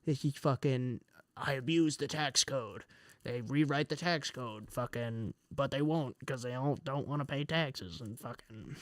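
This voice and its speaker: A man's voice: mid-range voice, measured pace, no echo. A man streaming, ranting with angry, profane exasperation as he reads news aloud. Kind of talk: casual ranting commentary while reading news aloud.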